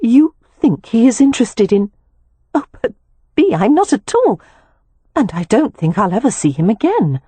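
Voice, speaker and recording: A woman reading an audiobook, voicing a lively young woman who is amused and a little skeptical. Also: a little high, normal speed, husky, no echo, pitched above the performer's own voice. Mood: wry. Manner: wry and teasing.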